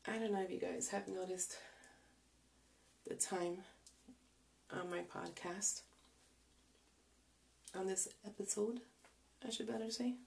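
A tired, out-of-breath young woman talking casually while doing her hair, slowly and softly, often dropping to a whisper. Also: mid-range voice, steady tone, creaky. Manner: slow, soft, often trailing into whispers. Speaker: vlogger.

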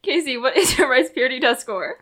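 A woman's voice: high voice, animated, a little fast, fairly bright tone. A teenage girl hosting a casual podcast, giggly as she asks her guests questions. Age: teens. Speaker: podcast host.

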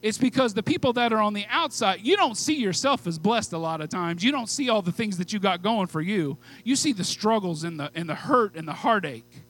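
A man preaching a sermon with fervent, pleading delivery, moving from hushed asides to loud calls. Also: sits high, lively intonation, brisk, few pauses, rough recording. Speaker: pastor.

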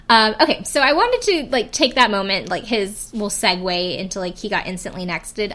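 With a medium pitch and a slightly bright tone, a young woman chats casually on her podcast about a reality show. She giggles a lot and leans heavily on "like" and "um."

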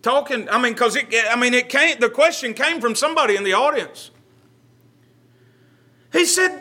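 A man's voice: very high voice, normal speed, pauses often, sharp tone. A man, a pastor leading a Bible study, speaking earnestly and conversationally, often repeating words as he gathers his thoughts.

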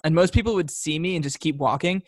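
A man's voice: a little high, fast, no echo, clean studio sound. A young man chatting casually, teasing his friends and laughing often. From Long Island. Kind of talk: casual chat.

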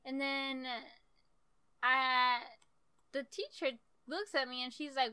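A young woman casually telling a story from her childhood, animated and profane, laughing often. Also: high voice, takes it slowly, clear, resonant tone.

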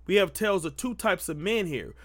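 A man delivers emphatic Christian commentary like a sermon, pressing his point with repeated "why" questions and restarts. His voice sits fairly high. The sound is close and dry, with no room around it. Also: expressive, fairly quick, no room sound. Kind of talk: preachy commentary.

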